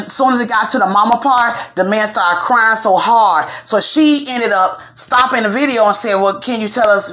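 A woman's voice: mid-range voice, a bit bright. Blunt, emphatic woman host. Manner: blunt and emphatic, swears freely. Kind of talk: casual commentary.

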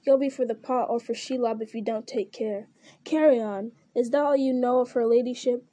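A woman voicing a gruff, stern male orc captain who growls out blunt orders in an audiobook reading. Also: a little high, steady tone, moderate pace, dark tone, no room sound, close to an everyday voice. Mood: scornful.

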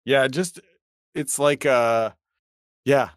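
A man's voice: mid-range voice, moderate pace, no room sound. A man who runs a tabletop game, a guest on a podcast, chatting casually with dry jokes. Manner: dry joking, lively intonation. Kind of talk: casual chat.

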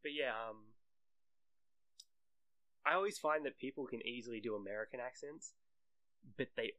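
An Australian man with a bright, forward voice, talking loosely in a casual podcast chat. He rambles, swears freely and drops into jokey mock accents now and then. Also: mid-range voice, moderate pace, dry recording. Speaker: podcast co-host.

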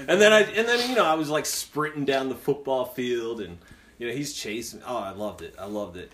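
A man's voice: mid-range voice, lively intonation, moderate pace, fairly bright tone, a little hiss or hum. A male podcast host telling a comedic story in a loose, casual way, laughing as he goes and swearing freely.

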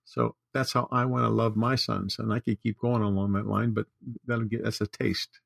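A man's voice: fairly low pitch, flat delivery, moderate pace, creaky, no echo, clean studio sound. An older man talking as a podcast guest, earnest and heartfelt, in casual conversation. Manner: warm-hearted, earnest, tearful at times. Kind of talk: casual chat.

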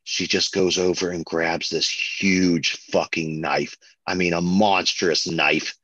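A man co-hosting a podcast, chatting casually and excitedly about a film, full of fillers and restarts. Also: low voice, slow, no room sound, highs cut off. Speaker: podcast co-host.

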